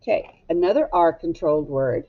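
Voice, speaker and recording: A woman's voice: on the low side, animated. A woman teacher leading a recorded phonics lesson for young students, speaking patiently and asking them to echo words back. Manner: slow, patient, asks pupils to echo words. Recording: slightly dull, lo-fi recording.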